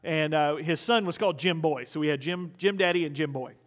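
A man's voice: a little high, brisk. A male pastor preaching a sermon in a conversational, storytelling way in a church. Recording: hall reverb.

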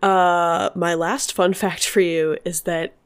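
Woman, podcast co-host, low-pitched, casual storytelling. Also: level tone, slow, clear, resonant tone. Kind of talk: casual chat.

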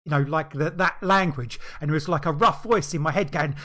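A man's voice: fairly high pitch, a little fast, bright, forceful tone. A man co-hosting a podcast, telling a rambling story in casual chat, full of restarts and fillers. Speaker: podcast co-host.

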